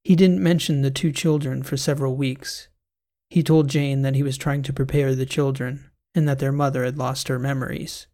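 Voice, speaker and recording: A man giving scripted, measured narration of a sci-fi audiobook. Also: medium pitch, little pitch movement, dark tone.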